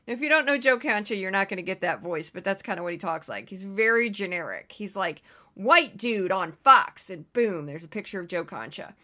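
A woman hosting a commentary podcast, chatting casually with quick asides and frequent laughter. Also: medium pitch, big pitch swings, sharp tone. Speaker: podcast host.

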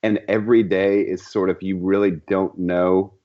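A man's voice: low-pitched, level tone, moderate pace. A man co-hosting a podcast, chatting playfully in grand, overblown phrasing. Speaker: podcast co-host. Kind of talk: casual podcast chat. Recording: dull lo-fi remote audio.

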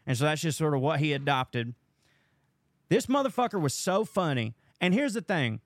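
A man's voice: fairly high pitch, very animated, normal speed, no echo, clean studio sound. A young man hosting a podcast, rambling through a profane, casual monologue. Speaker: podcast host.

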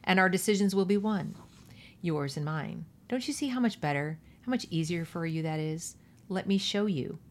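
A woman reading a novel aloud, voicing a calm, patronizing man who controls minds with a soothing voice. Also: lowish voice, moderate pace, a little hiss or hum, natural voice.

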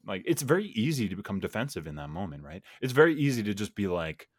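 A man's voice: on the low side, very animated, fast, no echo, studio quality. A man in casual podcast conversation, reflective and earnest, thinking aloud with many fillers. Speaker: podcast guest or host.

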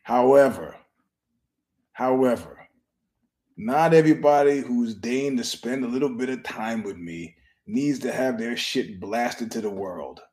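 A man on his own podcast meanders through profane stories in a casual ramble, restarting often and keeping his voice down so a filming nearby isn't disturbed. His mid-range voice is animated and a little mellow, his pace a little slow.

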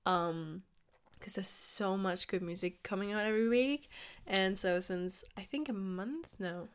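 A young woman hosting her podcast in casual, unedited talk, her voice hoarse and a bit raspy, chatty with many fillers and restarts. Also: mid-range voice, a little slow. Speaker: podcast host.

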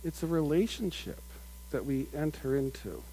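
A middle-aged man preaching a sermon in an earnest manner, building to loud emphatic peaks and dropping to quiet asides. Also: a little high, animated, moderate pace, slight background noise, low-quality recording. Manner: earnest, builds up with rising emphasis, mimics crowd voices.

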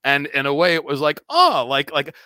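An American man telling stories on a podcast, animated and profane, filling pauses with likes and ums. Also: fairly high pitch, clear, resonant tone, dry recording. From United States. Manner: animated storyteller, profane, many fillers. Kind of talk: casual conversation.

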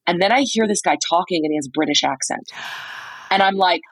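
A woman co-hosting a podcast, telling a lively story in casual chat, acting out quotes with lots of "like"s. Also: fairly low pitch, brisk, breathy edge, no room sound, poor audio. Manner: animated storyteller, many "like"s, acts out quotes. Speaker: podcast co-host reporting from a trial. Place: motel room.

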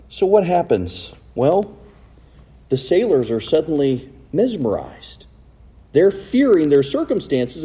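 A man preaching a sermon in a church, recorded on a cell phone, with animated delivery and rhetorical questions. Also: fairly high pitch, slow, slightly rough, in a large hall. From United States. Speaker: pastor. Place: church sanctuary.

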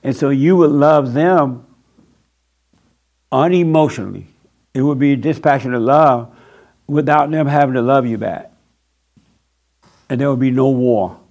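A man's voice: medium pitch, unhurried, pauses often, darkish tone. A man preaching a sermon in a blunt, mocking, emphatic way.

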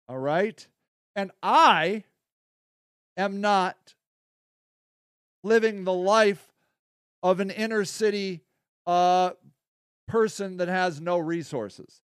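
A man with a somewhat high voice talks off the cuff as a podcast host. He rambles and curses bluntly, dropping low for asides and rising when heated. The sound is dry and close, with no room around it. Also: clear, resonant tone, no room sound. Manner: rambling, blunt and profane, swings from quiet to heated. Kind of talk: casual monologue.

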